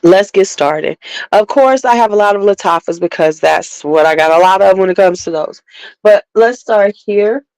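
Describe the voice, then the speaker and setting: A woman's voice: medium pitch, moderate pace, darkish tone, clear, resonant tone, dry recording, rough recording. A woman from Chicago hosting a casual beauty livestream, chatting candidly, rambling and greeting viewers by name.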